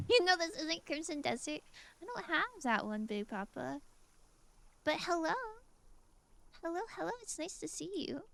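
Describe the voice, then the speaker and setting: A woman's voice: very high voice, animated, unhurried, vocal fry, pauses often, a bit bright. A woman streamer chatting casually while playing a game, musing aloud and answering her chat.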